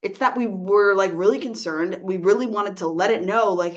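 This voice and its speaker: A woman working as a life coach, giving earnest, gentle advice straight to the viewer and often checking in with "right?". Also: medium pitch, moderate pace, highs cut off. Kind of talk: advice talk to camera.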